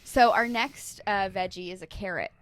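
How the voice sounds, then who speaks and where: A woman's voice: medium pitch, normal speed. A woman guest co-hosting a podcast, teasing and affectionate in playful banter. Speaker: guest co-host.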